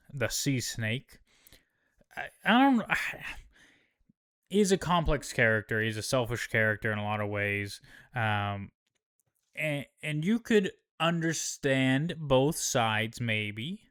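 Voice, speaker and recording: A man with a smooth, resonant voice sitting at an ordinary middle pitch talks his way through a TV episode recap. His delivery is loose and conversational, full of slang, swearing, and filler words as he rambles. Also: animated, slow, a bit bright, no echo, clean studio sound. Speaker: show host.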